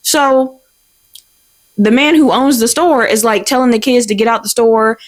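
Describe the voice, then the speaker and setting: Animated, profane young woman ranting. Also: a little high, measured pace. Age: 20s. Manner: profane, animated, exasperated storytelling. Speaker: podcast host. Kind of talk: casual storytelling rant.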